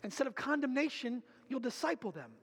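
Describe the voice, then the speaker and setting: A man with a notably high voice preaches a lively, conversational sermon, tossing in casual asides and pushing his emphasis upward. His words ring out with a long hall reverb, as if from the stage of a large church auditorium. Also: a little fast, husky. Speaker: pastor.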